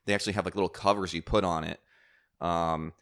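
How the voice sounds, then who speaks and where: A man's voice: sits low, steady tone, quick pace, a bit bright. A man hosting a casual podcast chat, telling stories in a rambling way with many fillers and restarts. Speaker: podcast host.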